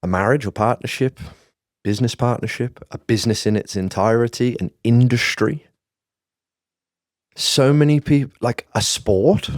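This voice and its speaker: A man's voice: medium pitch, moderate pace, no room sound, clean studio sound. A man with a Worcester English accent, a guest entrepreneur talking casually and giving plain-spoken advice, often ending with tag questions. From Worcester, England. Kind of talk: casual podcast conversation.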